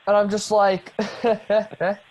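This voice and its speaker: A man's voice: high voice, level tone, slow pace, a little mellow, a little hiss or hum, poor audio. A young man co-hosting a podcast, telling a long story in a casual, rambling way with lots of ums and restarts. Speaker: podcast co-host. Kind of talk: casual chat.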